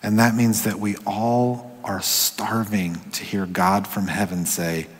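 A man preaching a sermon in a conversational way, slowing for emphasis and dropping to a hush at times. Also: lowish voice, little pitch movement, slightly rough. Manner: conversational, drops to hushed whispers for quoted voices. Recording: echoey hall with long reverb.

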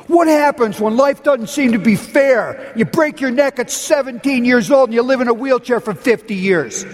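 A man preaching a sermon as pastor, earnest and pleading, moving between urgent raised questions and hushed, quiet prayer. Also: high voice, gravelly. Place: church sanctuary. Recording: long hall reverb, faint room noise.

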